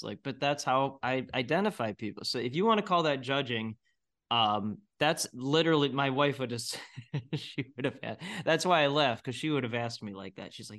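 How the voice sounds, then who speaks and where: A man's voice: medium pitch, lively intonation, moderate pace, fairly bright tone. Blunt, laughing middle-aged man. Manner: blunt, opinionated, laughs often. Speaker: guest entrepreneur. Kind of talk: casual interview talk.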